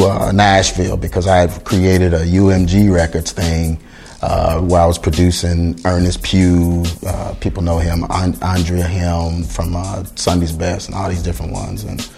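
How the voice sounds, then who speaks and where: Middle-aged male producer as a storyteller, low gravelly voice, animated, plays every quoted voice. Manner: lively retelling that acts out quoted dialogue. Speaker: music producer, guest. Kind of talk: storytelling in a conversation.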